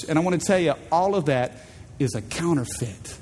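A man's voice: on the high side, lively intonation, normal speed, darkish tone, a little hiss or hum. Emphatic male preacher in a reverberant hall. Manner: emphatic preacher, call-and-response with congregation. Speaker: pastor. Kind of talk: sermon. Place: large church auditorium.

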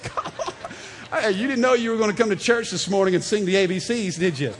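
High-voiced preacher in a reverberant church. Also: male voice, quick pace, slight background noise. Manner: animated, storytelling, calls for audience response. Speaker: pastor. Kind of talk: sermon. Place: church sanctuary. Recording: long hall reverb.

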